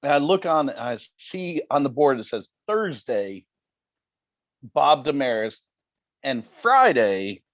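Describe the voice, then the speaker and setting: A man's voice: medium pitch, slow, no echo. Jokey man telling a story, slightly dull sound. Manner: animated, jokey storyteller who acts out quotes. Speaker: interview guest, paranormal TV personality. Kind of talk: casual interview storytelling.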